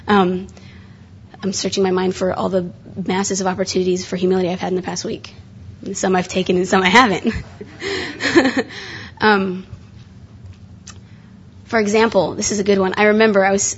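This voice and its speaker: A woman's voice: medium pitch, slightly rough. A young woman preaching at a conference session in a casual, chatty way, with many fillers and restarts. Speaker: conference speaker. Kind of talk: sermon. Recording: muffled lo-fi live recording.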